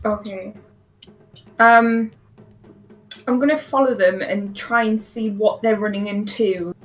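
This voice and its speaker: Slow, hesitant woman playing a tabletop game. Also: mid-range voice, fairly even intonation, faint music behind, rough recording. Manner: hesitant, many ums. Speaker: player.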